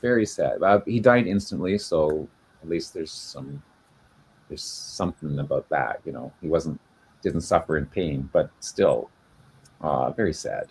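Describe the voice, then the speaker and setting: A man's voice: rumbling low, lively intonation, unhurried, slight background noise. A man co-hosting a casual video-call chat, explaining at length with many fillers and restarts. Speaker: genealogy show co-host.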